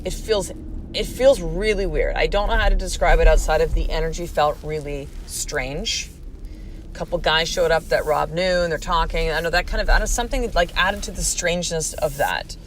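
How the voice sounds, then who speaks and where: A woman's voice: sits low, moderate pace, slight background noise. Candid, swearing woman in her forties. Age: 40s. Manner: candid and emphatic, swears freely. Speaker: podcast host. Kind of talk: personal storytelling monologue.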